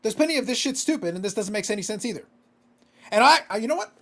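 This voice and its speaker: A man's voice: high-pitched, animated, fast, gravelly, pushed and bright. A man co-hosting a casual podcast, ranting with exasperation and swearing freely. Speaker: podcast co-host.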